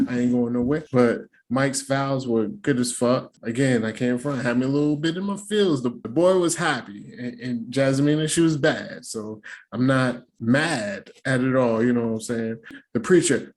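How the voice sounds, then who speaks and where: A man with a medium-pitched, slightly mellow voice hosts a reaction video at normal speed, recapping a reality show. His commentary is casual, profane, and full of slang, and he laughs often and drops into playful impressions.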